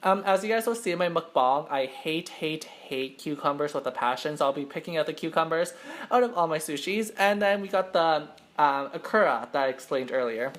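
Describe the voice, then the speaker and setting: A man's voice: on the high side, expressive, brisk, fairly bright tone. A young man hosting an eating show, chatting casually to camera with lots of fillers and a slightly nervous, rambling way of talking. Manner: self-conscious, admits to nervousness. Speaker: mukbang host.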